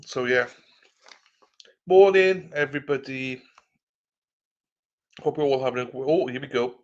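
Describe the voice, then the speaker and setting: A man's voice: medium pitch, level tone, moderate pace. A man hosting a casual livestream chat. He greets viewers by name and swears freely as he rambles. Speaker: livestream host. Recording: slightly muffled lo-fi audio.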